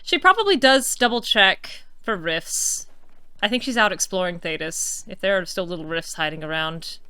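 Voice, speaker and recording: Woman gamer, casual commentary, bright tense tone, dry close sound, chatty with playful mock indignation. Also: lowish voice, animated, moderate pace, smooth, no room sound. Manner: chatty, musing aloud with playful mock outrage. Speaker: let's-play streamer.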